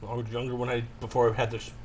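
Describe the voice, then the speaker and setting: A man's voice: medium pitch, level tone, very fast, a little mellow, a little hiss or hum. A man making playful jokes in casual group banter. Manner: playful, jokey.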